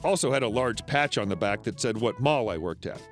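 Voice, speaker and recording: A man narrating online stories in a steady, scripted storytelling read. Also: medium pitch, a little fast. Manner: steady storytelling read with lively swings into quoted characters. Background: faint background music.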